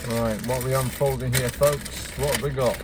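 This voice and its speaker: A man's voice: medium pitch, fairly even intonation, normal speed, very noisy. A Scottish man in his fifties, rambling casually to camera as a vlogger and often digressing. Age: 50s. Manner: rambling, digressive, keeps calling viewers "folks".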